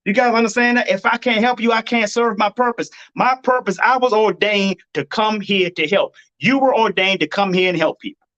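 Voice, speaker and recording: A man's voice: sits high, fairly quick, fairly bright tone, dull audio. A man hosting a live-stream advice talk, blunt and preachy, hammering his points by repeating them. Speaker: dating advice host.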